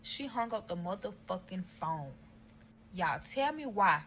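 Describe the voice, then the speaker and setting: A woman with a bright, forceful voice tells a story straight to camera in a casual vlog. She is blunt and profane, talks right to her viewers, and slips into other voices for quotes. There is faint noise behind her. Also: mid-range voice, big pitch swings, unhurried, rough recording. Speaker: storyteller recounting a breakup.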